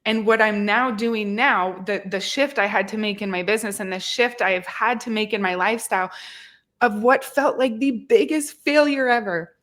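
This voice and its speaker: A woman's voice: medium pitch, moderate pace, fairly bright tone. A woman in her thirties hosting a fitness podcast, talking earnestly and motivationally about failure and perseverance. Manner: earnest, motivational, self-reflective. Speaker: fitness podcast host and coach. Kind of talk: casual podcast chat.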